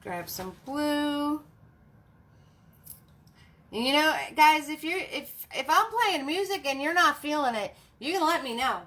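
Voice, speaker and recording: A woman hosting a live painting class, chatting warmly with viewers, laughing often and talking through each brushstroke. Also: sits high, animated, normal speed, hardly any pauses. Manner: friendly, laughs often, narrates each step. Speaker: paint party host and art instructor.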